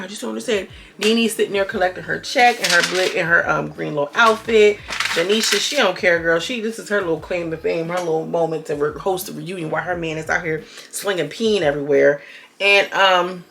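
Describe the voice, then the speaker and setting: A woman giving a casual, animated recap of a reality show, sassy and quick to act out quotes. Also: lowish voice, gravelly. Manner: animated, sassy, retells scenes in quoted voices. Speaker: reality TV commentator.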